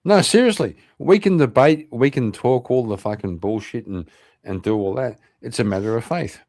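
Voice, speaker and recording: Lively Irish man hosting a stream. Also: mid-range voice, moderate pace, no echo, clean studio sound. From Ireland. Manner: animated, swears a lot, laughs often. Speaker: host of an online interview show. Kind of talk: casual livestream chat.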